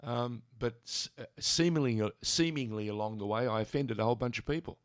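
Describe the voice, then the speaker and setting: An older Australian man from Sydney, a radio interview guest in a studio, telling animated stories and mimicking voices as he goes. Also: mid-range voice, a little fast, dry recording. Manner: animated storyteller who mimics voices in anecdotes.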